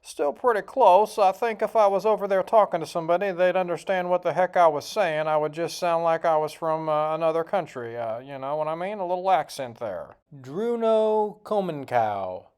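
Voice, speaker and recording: A man talks in a relaxed, folksy way, cracking jokes as he chats to the camera. His tone is casual and unpolished, the way a hobby vlogger sounds when testing his own pronunciation. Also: on the high side, fairly quick, few pauses, smooth. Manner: joking, folksy, tries out foreign words. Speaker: video host. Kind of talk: casual vlog commentary.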